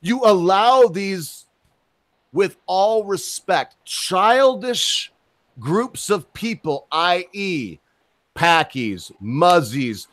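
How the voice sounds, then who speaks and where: Rambling man with a higher voice. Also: fairly bright tone, no echo. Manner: rambling, profane, loses his train of thought. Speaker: podcast host. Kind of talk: casual opinionated chat.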